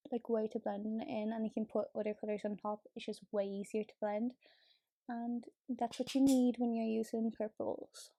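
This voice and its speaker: A woman's voice: on the high side, mellow, dry recording, clean studio sound. A woman chatting casually as a beauty vlogger while doing her makeup, full of fillers and easy swearing. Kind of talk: casual get-ready-with-me chat.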